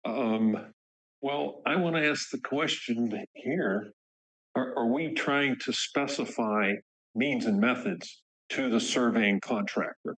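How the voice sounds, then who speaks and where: A man chairing a board meeting, talking haltingly with many ums and restarts. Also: medium pitch, fairly bright tone, poor audio. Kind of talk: formal meeting discussion.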